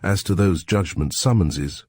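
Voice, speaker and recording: A man voicing a mild-mannered, sly investigator who murmurs and gently mocks. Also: low voice, measured pace, no echo, studio quality. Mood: quietly triumphant. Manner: soft, murmuring, gently mocking. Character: mild, sly, dryly ironic male investigator.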